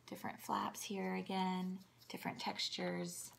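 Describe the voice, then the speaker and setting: A chatty woman with a fairly low voice and a gravelly, fry-edged tone. She walks through children's books in a casual way and bursts into playful sing-song sound words as she goes. Faint noise hums behind her. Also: little pitch movement, unhurried, hardly any pauses. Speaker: children's book reviewer. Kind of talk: casual show-and-tell of books.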